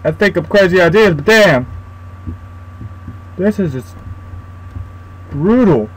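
A young man narrates his own horror game playthrough, scared and muttering to himself, swearing now and then. His voice sits a little high for a man. He talks slowly, drawing out his words. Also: lively intonation, low-quality recording. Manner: frightened, swearing, talking to himself. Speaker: gaming YouTuber. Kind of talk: horror game let's play commentary.

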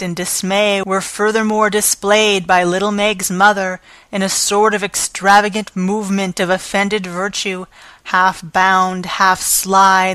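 A woman reads a classic novel aloud as an audiobook narrator, taking her time over every phrase. Her pitch sits in an ordinary middle range, and the recording is close and dry with no room sound. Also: pushed and bright, clean tone, no echo.

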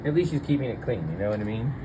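A man's voice: mid-range voice, animated, racing, background noise. Furious ranting man filming outdoors. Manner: furious and incredulous, swearing, voice leaping up in outrage. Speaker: vlogger filming his vehicles being towed. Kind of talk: angry filmed rant. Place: outdoors at his home.

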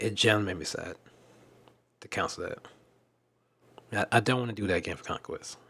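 A young man talking candidly in a personal vlog, weary and emotional, speaking haltingly with sighs and repeated restarts. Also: on the low side, a bit bright. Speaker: fan dub director and content creator.

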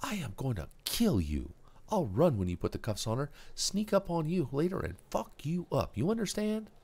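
A man's voice: on the high side, very animated, moderate pace, darkish tone, breathy edge, voice pushed up, exaggerated voice. A man voicing a foul-mouthed, volatile teenage boy drug dealer who talks about himself in the third person, with a strained, worn voice. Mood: aggressive.

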